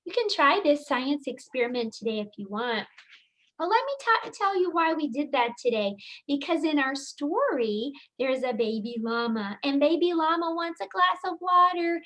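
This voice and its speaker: A woman teaching young children in a video lesson, reading a picture book aloud slowly and expressively, with big upward leaps on dramatic lines. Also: sits high, animated, a bit bright. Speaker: preschool teacher.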